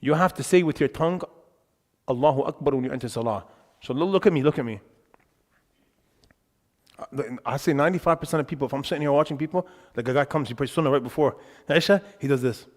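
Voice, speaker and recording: A man's voice: fairly high pitch, fast, pauses often. A young man giving an emphatic, conversational religious lesson in a mosque, with frequent filler words. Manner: animated, emphatic. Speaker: religious teacher. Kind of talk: lecture on worship. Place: mosque hall. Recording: reverberant mosque hall.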